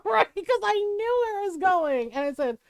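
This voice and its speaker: A woman's voice: very high-pitched, big pitch swings, normal speed, dry recording. A middle-aged woman streamer telling a family story in casual chat. She laughs often as she talks and acts out the people she quotes.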